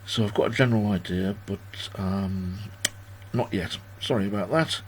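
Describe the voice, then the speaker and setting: A man's voice: on the low side, moderate pace, slight background noise. Rambling, self-deprecating man in his sixties. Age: 60s. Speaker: host of a livestream birthday party. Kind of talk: casual chat. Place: at home.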